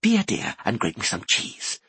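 A man reading an audiobook and voicing a tiny, brisk, motherly woman who runs an inn kitchen, speaking slowly and softly with a breathy edge. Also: lowish voice, wildly swooping pitch, no echo, heavily acted. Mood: brisk kindly.

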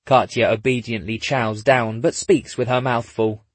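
A man narrating a story in a husky voice, dropping in dry, wry asides. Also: medium pitch, steady tone, a little slow, no room sound. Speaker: audiobook narrator. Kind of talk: scripted narration.

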